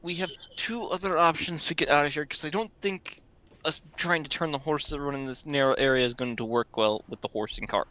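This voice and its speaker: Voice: mid-range voice, a little fast, fairly bright tone, low-quality recording. A tabletop game player, direct and joking, asking rules questions and speaking in character. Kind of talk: casual in-character play.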